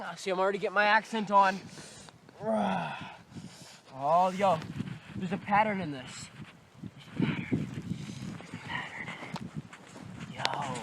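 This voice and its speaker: A man's voice: sits high, takes it slowly, pauses often. A young man playing a news reporter in a goofy, playful mock news report, recorded outdoors in the snow. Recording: outdoor noise on a handheld camera.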